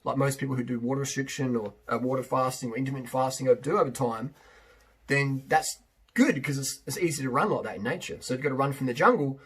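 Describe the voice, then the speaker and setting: Husky man rambling emphatically. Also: medium pitch, quick pace. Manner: rambling, emphatic, repeats himself. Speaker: fitness coach. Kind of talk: casual monologue.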